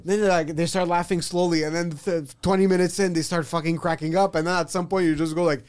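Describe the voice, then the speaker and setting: A man's voice: sits high, fairly even intonation, fast, darkish tone, clean tone. A man co-hosting a comedy podcast, telling a story in loose, casual banter, laughing often and swearing freely.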